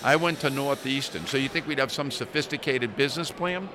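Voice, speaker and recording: A man's voice: medium pitch, a little fast, noisy background. A man in his sixties, a small business owner, chatting casually and telling anecdotes, swearing now and then. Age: 60s. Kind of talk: casual storytelling chat. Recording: outdoor crowd chatter behind.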